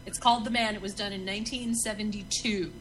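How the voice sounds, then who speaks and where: A woman co-hosting a casual chat, recommending an old film with enthusiasm and a few halting restarts. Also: mid-range voice, fairly even intonation, a little hiss or hum, poor audio. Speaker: podcast co-host.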